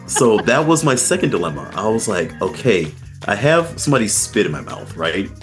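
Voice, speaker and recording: A man's voice: lowish voice, moderate pace, faint music behind. A man co-hosting a podcast, telling stories in casual chat and laughing often. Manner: animated storyteller, laughs often. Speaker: podcast host.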